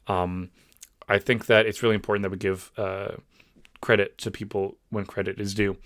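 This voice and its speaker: The host of his own channel, a young man, rants in frustration, repeating himself and filling gaps with fillers. He speaks at normal speed in a lowish, level voice with a fairly bright tone. The studio-quality recording carries no room sound.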